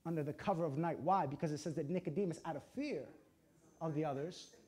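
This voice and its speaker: A man preaching a sermon with passion, swinging between hushed and loud delivery and using dramatic pauses and short emphatic phrases. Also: on the high side. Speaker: pastor.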